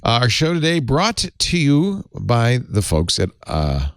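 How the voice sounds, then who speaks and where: Man, talk show host, animated, dry close sound. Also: medium pitch, measured pace, no echo. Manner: lively, laughs while reading aloud. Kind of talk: casual chat.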